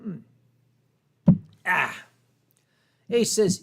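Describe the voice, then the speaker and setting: High-voiced American man hosting a stream. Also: expressive, normal speed. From North Carolina. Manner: boisterous, swearing, tipsy banter. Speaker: stream host. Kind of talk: casual livestream chat, reading chat messages.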